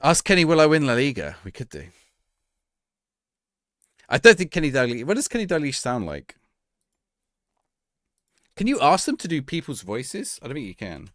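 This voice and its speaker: A man's voice: a little high, huge pitch swings, moderate pace, pauses often, fairly bright tone, no room sound, clean studio sound. A man streaming a game live, joking around and talking to an AI voice. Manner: playful, joking, talks to the game and AI. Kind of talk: live gameplay commentary.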